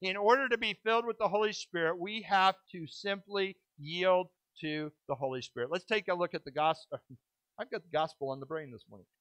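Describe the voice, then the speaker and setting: A middle-aged male pastor preaches in a high, slightly bright voice, stretching key words slowly between pauses before slipping into quick, self-deprecating asides. There is no room sound.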